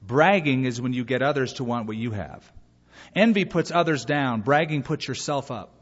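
A male pastor preaching a sermon in a lively way, acting out bits of dialogue between points. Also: mid-range voice, normal speed, breathy edge. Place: church sanctuary. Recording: muffled live recording in a reverberant hall.

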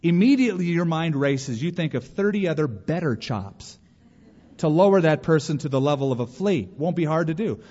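A male pastor preaching a sermon, animated, acting out quotes with sudden bursts of energy. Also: a little high, moderate pace. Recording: muffled recording in a reverberant hall.

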